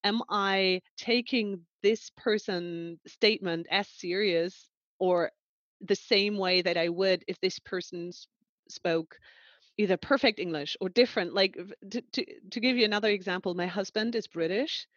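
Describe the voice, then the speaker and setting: A woman's voice: mid-range voice, normal speed, fairly bright tone, dry recording, lo-fi sound. A woman from Germany who is a language teacher, talking candidly and laughing easily in a conversation. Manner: candid, laughing, self-reflective. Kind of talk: conversational interview.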